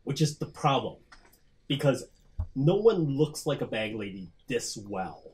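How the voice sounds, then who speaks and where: A man's voice: mid-range voice, sing-song, a little slow, darkish tone. A man running a tabletop horror game as game master, describing scenes casually with lots of fillers.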